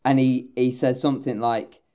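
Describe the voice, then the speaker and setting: A man's voice: mid-range voice, moderate pace. A man co-hosting a casual film podcast, retelling scenes with enthusiasm and acted-out quotes. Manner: animated storyteller, acting out quotes with laughs. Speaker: podcast co-host.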